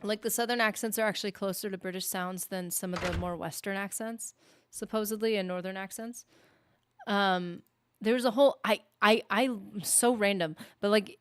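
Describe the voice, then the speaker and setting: A woman's voice: mid-range voice, normal speed, no echo, clean studio sound. A woman from the northern United States chatting casually on a game stream, rambling with lots of "like" and breaking off mid-thought while reading out viewer comments. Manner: rambling, chatty, full of "like" and self-interruptions; reads viewer comments aloud. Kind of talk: casual live-stream chat.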